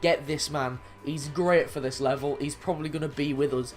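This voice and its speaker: A young man in his twenties giving excitable, sweary commentary over his own football video game match. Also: a little high, normal speed, faint music behind. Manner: excitable, sweary, frequent frustrated outbursts. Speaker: gaming YouTuber. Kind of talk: gameplay commentary.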